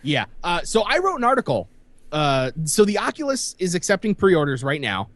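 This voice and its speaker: A man co-hosting an indie gaming podcast, his fairly high voice swinging up and down as he rambles through the news in casual chat. He leans on plenty of fillers and restarts. The sound is dry and close, with no room around it. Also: moderate pace, no room sound. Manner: animated, rambling with many fillers. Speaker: podcast co-host.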